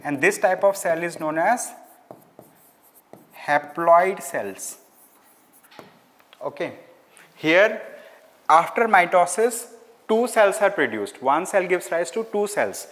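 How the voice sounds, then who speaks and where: A man with an Indian English accent teaching an online class, explaining slowly, repeating key words and slipping into Hindi phrases. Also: high-pitched, lively intonation, a bit bright. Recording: hall-like reverb.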